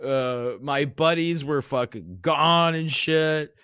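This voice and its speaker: A man's voice: a little high, slow pace, smooth, no room sound. Dry-sounding man swearing through a story. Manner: profane, rambling, animated retelling. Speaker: podcast guest. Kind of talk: casual storytelling.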